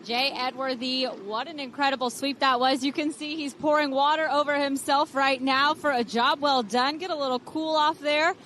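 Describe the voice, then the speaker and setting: A woman's voice: high-pitched, steady tone, moderate pace, few pauses, a bit bright, a little hiss or hum. A woman reporting from trackside, interviewing a racer in an upbeat, congratulatory way. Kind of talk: post-race interview. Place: outdoors at a racing venue.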